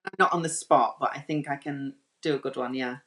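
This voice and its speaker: A man's voice: medium pitch, fairly even intonation, brisk, bright, forceful tone. A British hairdresser chatting as a guest, rambling and filling his answers with ums and likes. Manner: chatty, rambling, many fillers. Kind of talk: casual interview chat.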